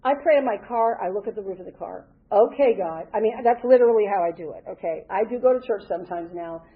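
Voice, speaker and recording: A woman's voice: medium pitch, quick pace, husky. An older woman from the American South giving an earnest, rambling talk at a recovery meeting, often restarting her sentences. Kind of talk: personal share at a recovery meeting. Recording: tinny phone-like recording.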